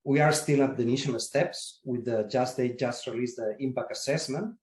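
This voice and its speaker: A man, secretary general of an industry association, answering interview questions in a formal, measured way with occasional restarts. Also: mid-range voice, darkish tone. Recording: roomy echo.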